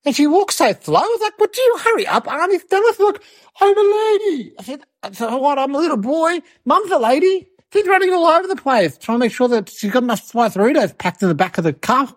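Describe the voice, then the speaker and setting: A woman's voice: high-pitched, big pitch swings, a little fast. A woman performing a cheeky little boy in a comedy sketch, telling a rambling story with giggles and mocking impressions of his relatives.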